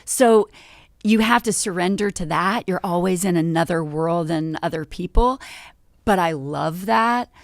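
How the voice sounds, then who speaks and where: A woman's voice: fairly low pitch, a little slow, dry recording, clean studio sound. A middle-aged woman chatting as a podcast guest. She tells an anecdote with energy and acts out the dialogue she quotes. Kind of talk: casual chat, anecdote. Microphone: studio podcast mic.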